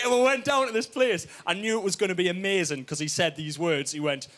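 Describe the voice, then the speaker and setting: Young geordie guy doing stand-up, high pitched, bright punchy voice, tells it fast and loose. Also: slight background noise. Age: young adult. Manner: lively storytelling, frequent "right?" asides. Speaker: stand-up comedian. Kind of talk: stand-up comedy set.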